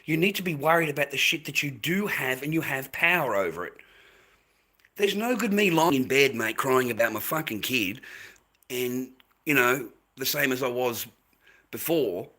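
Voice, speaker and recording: A man's voice: medium pitch, lively intonation, moderate pace, bright, forceful tone, no echo. A middle-aged man giving coarse, swearing, emphatic advice to other men in a blunt monologue.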